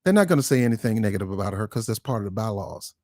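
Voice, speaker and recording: A man's voice: on the low side, sing-song, racing, darkish tone, no room sound, studio quality. A man hosting his own online show, giving ranting political commentary in an emphatic, confrontational way and repeating words for stress. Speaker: YouTube commentary host.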